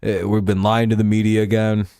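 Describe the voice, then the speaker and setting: Profane, rambling sports-show host, low voice. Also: male voice, flat delivery, fairly quick, warm tone, smooth, dry recording. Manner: profane, rambling, laughs often. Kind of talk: casual sports commentary.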